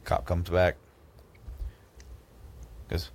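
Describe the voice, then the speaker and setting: Animated low-voiced man telling stories. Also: moderate pace. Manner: animated, acts out both sides of his stories with raised voices. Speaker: podcast host. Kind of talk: casual storytelling chat.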